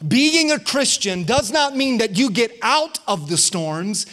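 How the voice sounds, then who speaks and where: A man's voice: very high voice, animated, a little slow, a bit bright. A man preaching a fervent online sermon as a guest pastor, calling out to his congregation.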